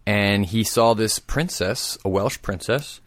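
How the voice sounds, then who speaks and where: A man's voice: lowish voice, slow pace, no echo, clean studio sound. A man co-hosting a casual talk show, telling a story with enthusiasm and frequent laughs. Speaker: podcast co-host.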